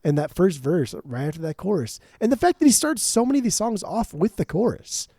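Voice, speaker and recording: A man co-hosting a podcast, talking in a casual, animated and profane way, full of strong opinions. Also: high voice, fairly quick, no room sound, studio quality. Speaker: podcast co-host. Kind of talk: casual music chat.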